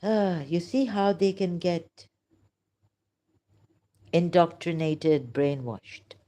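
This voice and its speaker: A woman delivers an impassioned monologue in a low, mellow voice. She talks slowly and emotionally, often stopping to restart her sentences. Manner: emotional, halting, with many pauses and restarts. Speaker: religious critic vlogger.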